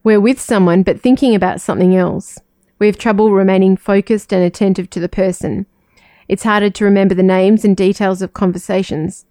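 A woman who is a religious sister talks through a gentle spiritual reflection, asking questions and sharing small personal stories. Her voice is mellow and soft-edged. The recording is dry, with no room sound. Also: medium pitch, fairly even intonation, a little fast, dry recording. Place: living in the United States, not from there.

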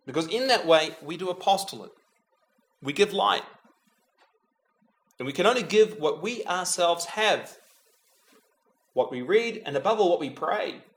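A man reflects and prays aloud through a meditative homily, animated but unhurried and measured, in a voice sitting slightly high for a man. Talking straight to Jesus, he lowers to a hush whenever the holy name arrives, and dry humor creeps in now and then.

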